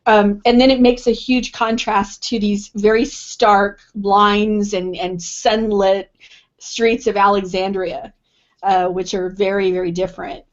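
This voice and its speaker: A woman author speaks at an ordinary middle pitch, thoughtful and easygoing, often restarting her sentences as she works out her answers. The audio is dull and lo-fi, like a video call streamed live. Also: level tone, unhurried. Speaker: author guest. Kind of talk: casual interview answers.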